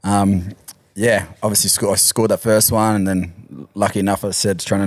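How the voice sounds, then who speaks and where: A man, a rugby league player and podcast guest, telling stories in a relaxed, halting way and laughing easily. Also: fairly low pitch, no echo. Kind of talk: casual storytelling chat.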